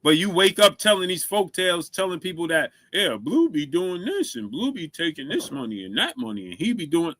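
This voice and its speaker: Bright-voiced man hosting a casual live stream. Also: high-pitched, sing-song, brisk, hardly any pauses, no room sound. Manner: shouts out viewers, asks for likes; stumbles over words, repeats himself.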